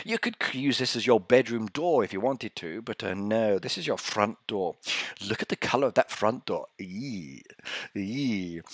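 A man's voice: mid-range voice, fairly bright tone, dry recording, clean studio sound. A man in his forties chatting playfully through a live game stream, joking and putting on voices. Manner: playful, jokey, acts out voices. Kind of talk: casual live-stream commentary.

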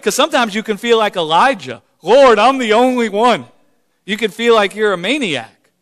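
A man's voice: high-pitched, sharp tone. A man leading an informal church question-and-answer session, speaking fervently and often repeating "man" and "Glory to God". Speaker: church leader hosting a Q&A.

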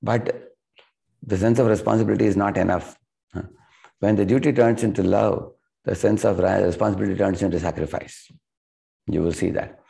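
A man's voice: fairly low pitch, fairly even intonation, moderate pace, creaky, warm tone. A middle-aged man from India with an Indian English accent, giving an earnest devotional lecture and telling stories. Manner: earnest storytelling, acts out quoted characters with rising emotion. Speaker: spiritual speaker.

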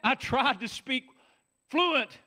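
A man with a Southern US accent, preaching a folksy sermon as pastor, dropping from loud shouts to soft, low talk. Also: lively intonation, slow pace.

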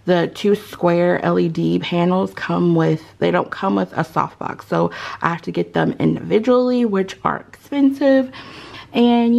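A woman's voice: fairly low pitch, vocal fry, a little mellow. A woman beauty vlogger in casual vlog chat, talking to her viewers in a candid, confiding way.

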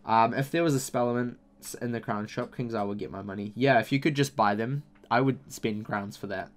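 A man's voice: mid-range voice, a little fast. Exasperated young man ranting over game packs. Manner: exasperated, repeats himself, mock-angry complaints. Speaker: gaming YouTuber. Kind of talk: casual game commentary while opening packs.

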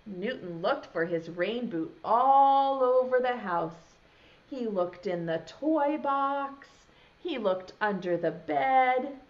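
A young woman preschool teacher reads a picture book to little children, pausing to ask them questions. Her voice is high and swoops widely in pitch as she reads slowly. The recording sounds dull and lo-fi. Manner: animated, asks children questions. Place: home, video lesson.

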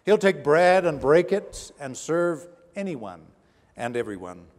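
A male pastor preaching a sermon with dramatic swings between hushed and raised delivery. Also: on the high side, very animated, takes it slowly. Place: church sanctuary. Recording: long church reverb.

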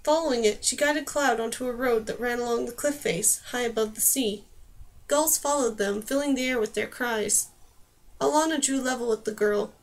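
High-voiced woman reading a fantasy novel. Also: moderate pace. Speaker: audiobook narrator. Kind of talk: scripted narration.

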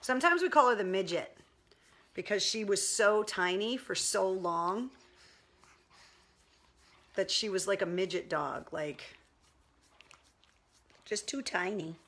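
Speaking in a mid-range voice with lively intonation, this livestream host talks a little slowly, pausing often, in a fairly bright tone. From her home she chats loosely about her puppy, full of fillers and baby talk aimed at the dog.

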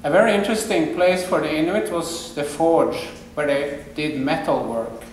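A man's voice: a little high, a little hiss or hum. Man lecturing from far off in an echoey hall. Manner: measured, explanatory, quotes from a diary. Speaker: museum director giving a lecture.

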